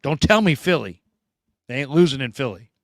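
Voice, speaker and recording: A man hosting a sports show, chatting casually and reading viewer comments, animated and talkative with loud bursts and quiet asides. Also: medium pitch, fairly quick, no echo. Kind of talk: casual live-stream chat reading comments.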